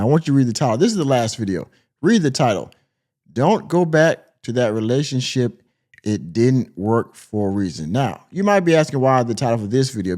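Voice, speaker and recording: A man's voice: medium pitch, darkish tone. A man hosting a reaction commentary podcast, speaking in a mocking, sarcastic way. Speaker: commentary host.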